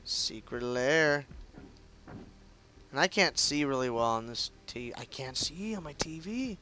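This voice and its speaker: A man's voice: mid-range voice, animated, measured pace, sharp tone. A young man chatting loosely through live gameplay commentary, with lots of fillers and restarts. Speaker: game streamer.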